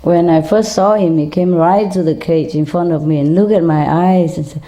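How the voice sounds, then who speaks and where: Soft-spoken low-voiced woman, gently coaxing. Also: fairly even intonation, moderate pace. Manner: gentle coaxing, chuckling often. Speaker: spiritual teacher speaking to a group. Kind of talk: casual talk to an audience and a pet bird.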